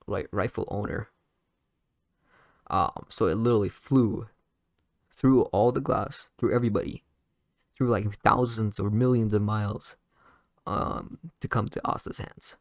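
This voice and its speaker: A man's voice: fairly low pitch, fairly even intonation, normal speed, vocal fry, pauses often, dry recording, studio quality. A man casually improvising a fan story, rambling with lots of fillers and restarts.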